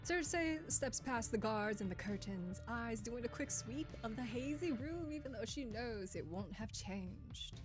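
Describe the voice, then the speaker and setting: A woman's voice: a little high, expressive, measured pace, few pauses. A woman playing through a visual novel, reading the story aloud with casual joking asides. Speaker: let's player. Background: game music.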